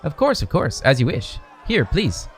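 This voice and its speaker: A man putting on a high, fawning vendor. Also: wildly swooping pitch, moderate pace, some chatter behind, slight background noise. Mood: obliging. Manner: soft, obliging and ingratiating. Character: eager, fawning male market vendor.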